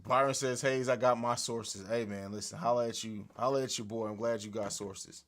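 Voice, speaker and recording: A man hosting a casual sports podcast livestream from a home studio, animated and profane, laughing often, recorded on an overhead mic. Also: mid-range voice, a little fast. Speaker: podcast host.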